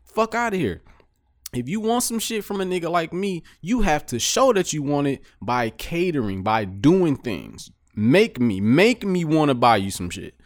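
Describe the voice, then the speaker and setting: A man's voice: a little high, sing-song, moderate pace. A middle-aged man co-hosting a casual podcast chat, ranting bluntly with lots of profanity.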